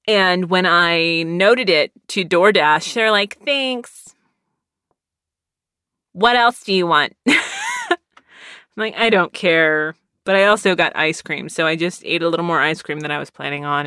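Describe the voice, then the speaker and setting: Young woman, lower pitch, bright tone, dry close mic, rambling animated storyteller who laughs a lot. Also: no echo. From Texas. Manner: rambling, animated, laughs often, squeals when excited. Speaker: podcaster. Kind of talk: casual storytelling.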